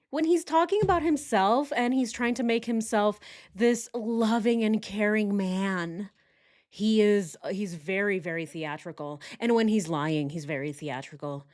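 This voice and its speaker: A woman's voice: medium pitch, a little slow, darkish tone. A woman hosting true crime commentary, talking sarcastically and speaking straight to her viewers. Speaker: host.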